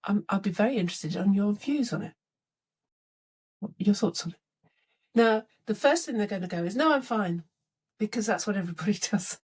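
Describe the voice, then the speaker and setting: A woman's voice: mid-range voice, fairly quick, pauses often, husky. A middle-aged woman leadership coach in a podcast interview, telling stories and acting out both sides of conversations. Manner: animated storytelling, acts out dialogue.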